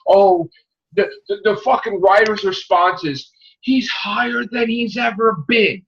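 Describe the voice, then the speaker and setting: A man rants about a film in a heated, profane tirade. His voice sits high and swings wildly in pitch, with a bright, forceful edge. The recording sounds dull and lo-fi. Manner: profane, heated ranting with mocking impressions. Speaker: podcast host. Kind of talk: angry movie rant.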